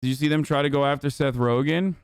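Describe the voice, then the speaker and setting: Young male streamer, pitched a bit high, smooth and clear, rants with constant swearing; dry close-mic sound. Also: fast, dry recording. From Turkey. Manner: profane, animated ranting. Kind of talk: casual live-stream commentary.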